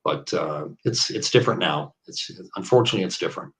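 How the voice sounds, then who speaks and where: A man in his fifties from the American Midwest talks in a very low voice. He rambles through stories in casual interview chat, full of fillers and side tangents. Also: expressive, quick pace, poor audio. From Iowa, US Midwest. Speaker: guest bowler.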